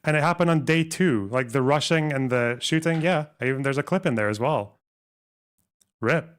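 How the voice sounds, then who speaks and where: A man's voice: fairly high pitch, normal speed, clean tone. A man streaming and reacting to a clip, combative, profane and sarcastic. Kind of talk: live stream reaction commentary.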